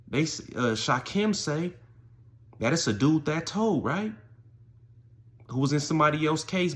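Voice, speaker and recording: A man casually retelling a prison story in street slang, often rising loud when the story heats up. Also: a little high. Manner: street slang, animated retelling, voices quotes. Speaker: storyteller vlogger.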